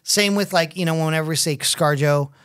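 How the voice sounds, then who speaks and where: A middle-aged man co-hosting a casual podcast, swearing freely and telling animated stories. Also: a little high, brisk, clear, resonant tone. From United States. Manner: crude, swears a lot, animated storyteller. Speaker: podcast co-host. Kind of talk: casual chat.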